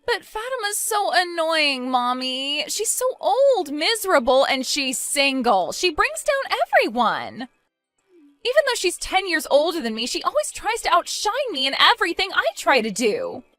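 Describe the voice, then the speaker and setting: A spoiled young bride, petulant and whiny, who pleads when she gets scared, as a woman acts her out. Her voice sits high and leaps around a lot. Soft music plays faintly underneath. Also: big pitch swings, measured pace, no echo, exaggerated voice.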